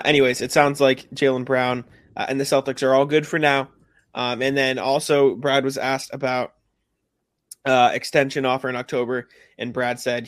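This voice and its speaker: A man's voice: mid-range voice, a bit bright, no echo, studio quality. A man co-hosting a casual sports podcast, chatty and often laughing. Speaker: podcast co-host.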